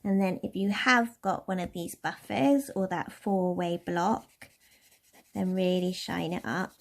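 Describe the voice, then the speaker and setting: A young woman from Somerset giving a relaxed, chatty nail care tutorial in a lightly posh English accent. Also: fairly low pitch, unhurried, creaky. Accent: posh-leaning southern English. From Somerset, England. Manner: chatty, relaxed, with soft laughs. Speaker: beauty tutorial host.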